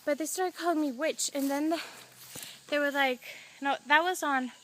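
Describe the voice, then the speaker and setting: Teen girl, venting vlog, rambling, dramatic, acts out quotes, fairly high pitch, faint crickets. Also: normal speed, a little hiss or hum, rough recording. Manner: rambling, dramatic, quotes herself and others, drops to a whisper at times.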